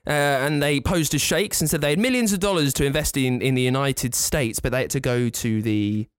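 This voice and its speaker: A man's voice: mid-range voice, fairly quick, no echo, studio quality. A man co-hosting a podcast in casual chat, ranting with exasperation. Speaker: podcast co-host.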